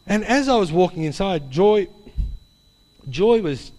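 A slightly high-voiced man delivers a sermon in a large, echoing hall, with a long reverb trailing his words. His preaching is conversational and anecdotal, full of asides and tag questions. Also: expressive, measured pace, a little mellow. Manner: chatty storytelling with tag questions. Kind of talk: sermon with a personal story.

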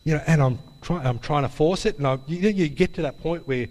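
A man's voice: a little high, a little fast, darkish tone. Man preaching in a reverberant hall. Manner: chatty storytelling with tag questions. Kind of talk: sermon with a personal story.

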